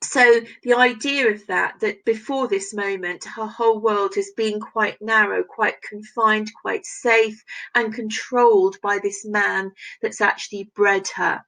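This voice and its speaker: A woman teaching a recorded remote lesson, her voice slightly gravelly. She walks through a text line by line, stopping to ask "isn't it?" as she explains. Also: medium pitch, fairly even intonation, unhurried, sharp tone, poor audio. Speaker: English teacher. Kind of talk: recorded distance-learning lesson.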